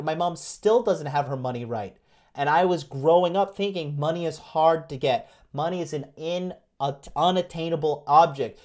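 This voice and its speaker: A man's voice: a little high, a little mellow. Brash, profane man ranting to camera. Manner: brash, profane, hammering repetition, mocking whiny voices. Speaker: dating coach and host. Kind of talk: livestream motivational rant.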